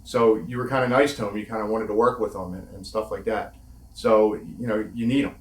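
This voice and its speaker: A man with a fairly low voice tells candid stories from his wrestling days, casual and laughing, with the odd curse. The room around him has a noticeable echo. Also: fairly even intonation, fairly quick. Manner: candid, laughing storyteller with mild swearing. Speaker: former wrestler interviewee. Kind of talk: casual storytelling interview. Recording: echoey room.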